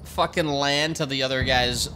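Over game music and some background noise, a man with a medium-pitched voice at normal speed livestreams a strategy game, ranting animatedly and swearing freely as he plays.

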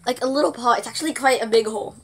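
A woman's voice: on the high side, rapid-fire, a crowd in the background. A woman reviewing a product in casual chat, sarcastic and giggly, often exasperated.

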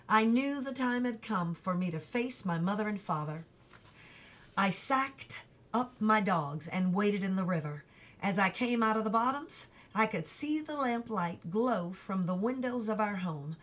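A woman reading a chapter of a novel aloud in an even, unhurried storytelling manner. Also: medium pitch. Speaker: audiobook reader.

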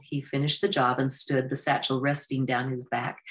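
Low-voiced woman reading a storybook. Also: normal speed, hardly any pauses. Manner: steady reading with occasional self-corrections. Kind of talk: storybook narration.

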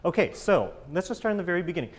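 A man's voice: sits high, sing-song, racing. A man coaching a chamber ensemble in a master class, encouraging and enthusiastic, singing out rhythms with syllables.

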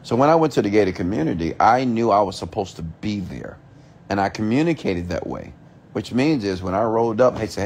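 A man gives a brisk motivational rant, expressive and a bit mellow in a lowish voice, with slight background noise. He's emphatic and repetitive, asks rhetorical questions, and swears casually.

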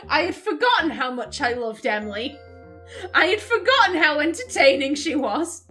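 A woman's voice: sits high, expressive, moderate pace, pushed and bright, soft background music. A woman casually commenting while playing a video game, with chatty, amused asides. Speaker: let's play host.

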